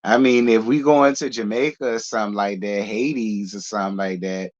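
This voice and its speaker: A man hosting a gossip commentary channel, reacting in a sassy, joking way with drawn-out asides. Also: on the low side, fairly even intonation. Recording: dull lo-fi audio.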